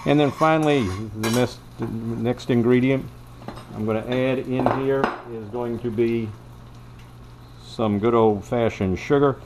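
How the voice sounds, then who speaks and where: A man's voice: medium pitch, steady tone, unhurried, background noise. A man giving a cooking demonstration in a home kitchen and telling a tale as he goes, in a folksy, rambling way that is full of self-corrections. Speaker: home cook.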